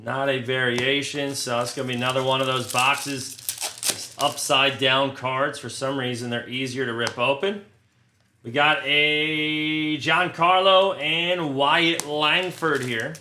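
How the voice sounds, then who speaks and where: Man, card break host, crude joking chatter, bright voice, echoey room. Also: medium pitch, steady tone, slow, a little hiss or hum. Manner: crude, joking, rattles off player names. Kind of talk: casual live card-break chat.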